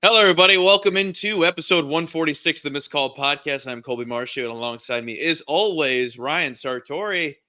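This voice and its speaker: Excitable male podcast co-host, high and bright, laughs a lot while storytelling. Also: normal speed, few pauses. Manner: laughs through his stories, excitable. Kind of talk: casual storytelling chat.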